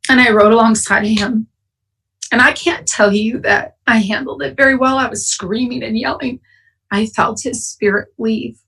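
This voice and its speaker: Breathy woman sharing her recovery story. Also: a little high, a bit bright, distant mic, poor audio. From Wisconsin. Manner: emotional, candid, choking up at times. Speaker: AA speaker. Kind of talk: personal recovery share. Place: online conference, at home.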